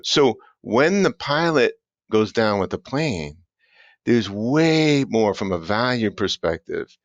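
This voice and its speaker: Low-voiced emphatic male podcast co-host. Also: dry recording, lo-fi sound. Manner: animated, emphatic, rhetorical questions. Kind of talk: conversational podcast talk.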